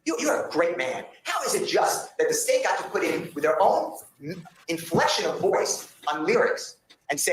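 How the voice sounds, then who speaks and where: A man's voice: high voice, lively intonation, moderate pace, roomy sound, a little hiss or hum, rough recording. A man arguing as defense attorney before a judge, impassioned and insistent, pleading his point in a courtroom. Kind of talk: courtroom argument.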